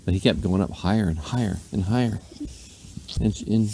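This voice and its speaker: A man's voice: on the low side, normal speed, warm tone, slight background noise. A man, a dad, rambling playfully through an improvised bedtime story. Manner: rambling, playful, with silly asides.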